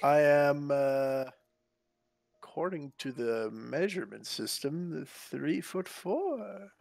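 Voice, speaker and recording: Slow-talking man role-player. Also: a little high, animated, vocal fry, darkish tone, dry recording. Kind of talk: tabletop role-play.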